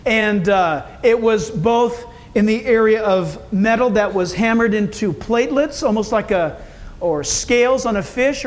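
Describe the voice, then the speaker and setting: High-voiced folksy male preacher. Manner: folksy, conversational preaching with asides to the congregation. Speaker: pastor. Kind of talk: sermon.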